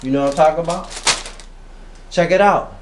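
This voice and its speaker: A man's voice: on the high side, fairly quick, a little hiss or hum. A man giving a rambling metaphysical monologue, full of rhetorical questions and casual street slang. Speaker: spiritual vlogger.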